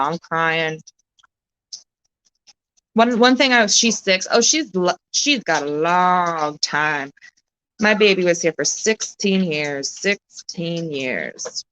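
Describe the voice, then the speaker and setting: A woman chatting on a live stream, close to tears, halting and emotional, swearing often as she talks. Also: fairly low pitch, lively intonation, pushed and bright, clean tone, dry recording, low-quality recording. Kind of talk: casual live-stream chat.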